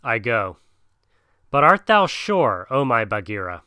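A man voicing an earnest, bold young boy raised by wolves in a storybook reading, speaking higher and eagerly. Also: big pitch swings, a little slow, pushed and bright, smooth, dry recording, studio quality. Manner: higher and eager, sometimes sullen.

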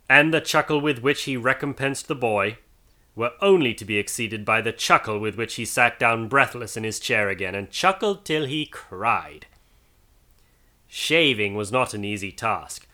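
Animated male storyteller. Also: mid-range voice. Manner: expressive, animated reading. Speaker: narrator. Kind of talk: storybook reading.

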